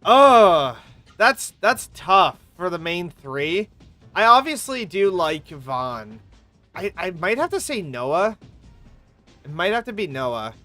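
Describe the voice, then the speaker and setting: A woman game streamer talks through her play in a chatty, rambling way, with a bright voice despite a sore throat. Her pitch swings widely as she goes, and faint music plays behind her. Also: very animated, slow. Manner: chatty, rambling, swears casually. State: coming down with a sore throat, coughing. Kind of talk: live gameplay commentary.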